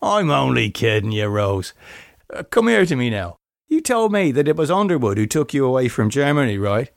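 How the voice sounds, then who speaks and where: A man's voice: mid-range voice, sing-song, moderate pace, gravelly, dry recording, studio quality. A man voicing a playful, teasing man in a spoken story. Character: joking Irish man, teasing and easygoing.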